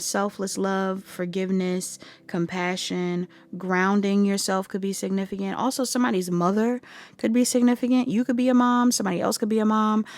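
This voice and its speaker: A sleepy woman giving a casual pick-a-card tarot reading, chatty and rambling, with frequent ums and little laughs. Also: medium pitch. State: sleepy, staying up late.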